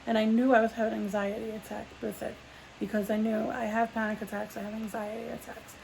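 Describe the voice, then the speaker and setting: A woman's voice: on the high side, flat delivery, quick pace, creaky, a little mellow, a little hiss or hum, rough recording. A young adult woman telling a personal story in a casual sit-down vlog, rambling with lots of "like" and restarts. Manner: rambling, full of "like" fillers and restarts. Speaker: vlogger.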